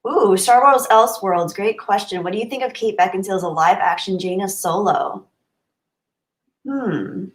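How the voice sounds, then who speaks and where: A woman's voice: medium pitch, normal speed. Emotional young woman streamer, echoey room. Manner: warm, grateful, softly emotional. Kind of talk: casual live-stream chat reading comments.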